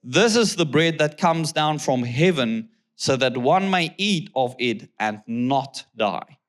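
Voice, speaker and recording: A man with a South African accent preaching as a guest pastor. He reads scripture slowly, then turns to the crowd with rhetorical questions and keeps checking in with "okay?". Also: mid-range voice, lively intonation. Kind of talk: sermon with scripture reading.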